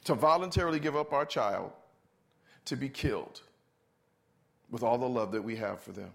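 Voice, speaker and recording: A man's voice: mid-range voice, moderate pace, creaky. A man preaching a sermon to a congregation, emphatic, asking them to answer back and repeating key phrases.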